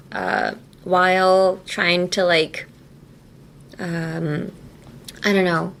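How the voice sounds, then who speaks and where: A woman hosting a podcast that teaches English pronunciation, chatting casually in a studio with lots of giggles and "like" fillers. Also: medium pitch. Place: radio station studio.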